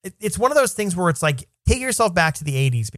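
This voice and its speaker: A man's voice: high voice, big pitch swings, fast talker, fairly bright tone, no room sound, studio quality. A man who is a parent, co-hosting a casual movie podcast and musing in a thoughtful, rambling way. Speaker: podcast co-host.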